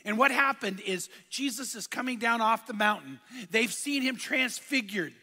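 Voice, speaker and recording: A man's voice: very high-pitched, expressive, normal speed, sharp tone, husky, long reverb tail. A middle-aged man preaching a fervent sermon in a church, repeating phrases and calling for responses from the congregation. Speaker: pastor.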